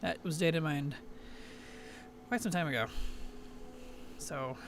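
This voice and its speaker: A man's voice: fairly high pitch, takes it slowly, background noise. A man streaming a video game, chatting casually in an offhand, mumbly way and letting his sentences trail off. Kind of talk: casual gaming chat.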